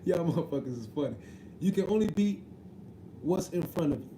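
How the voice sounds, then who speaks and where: A high-pitched, mellow-toned man chats casually on a live stream. He jokes a lot, drops slang and keeps asking "you know what I mean". His voice sits in an echoey room with a faint hum behind it. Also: expressive, fairly quick. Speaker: livestream host reading chat.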